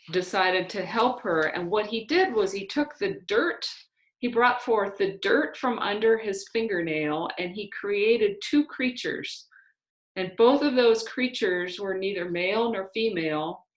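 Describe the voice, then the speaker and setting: A woman retells an ancient myth in a casual, conversational manner, stopping to correct herself as she goes. Her voice sits at an ordinary middle pitch. The room adds a noticeable echo. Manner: conversational, with fillers and restarts. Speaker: storyteller. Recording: roomy echo.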